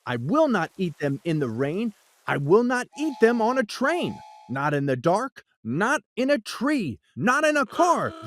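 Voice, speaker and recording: A woman reading a rhyming children's storybook aloud with a rhythmic, sing-song bounce. Her voice is mid-pitched, swings widely up and down, and moves at an unhurried pace.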